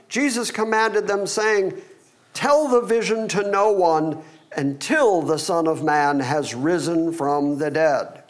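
Animated man preaching a sermon. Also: fairly high pitch. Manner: animated, acts out the disciples. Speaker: pastor. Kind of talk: sermon with Bible reading.

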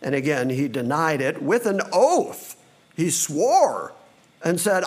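Slow, high, animated male preacher. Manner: slow and dramatic, quickening in asides. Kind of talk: sermon.

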